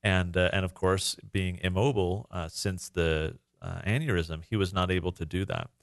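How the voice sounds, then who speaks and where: Man, very low voice, dry close sound, earnest rambling storyteller, podcast co-host. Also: steady tone, moderate pace, gravelly, no room sound. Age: adult parent. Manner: earnest, emotional, rambling with fillers. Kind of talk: casual conversational storytelling.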